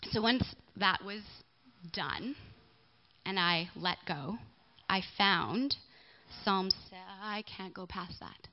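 At a church gathering with a live audience in the hall, a young woman shares her testimony in a candid, chatty way, turning aside to talk with listeners. She speaks at a medium pitch, and the sound is lo-fi.

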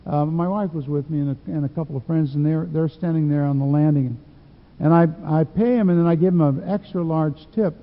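A man's voice: on the high side, brisk, lo-fi sound. Man preaching in an echoing hall. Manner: folksy storytelling with repeated restarts. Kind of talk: sermon with personal stories.

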